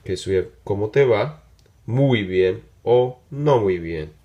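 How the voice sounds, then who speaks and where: A man with a fairly low voice teaches a relaxed classroom lesson. He repeats phrases patiently and keeps checking understanding with quick "right?" and "okay?" asides. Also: lo-fi sound. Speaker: Spanish teacher.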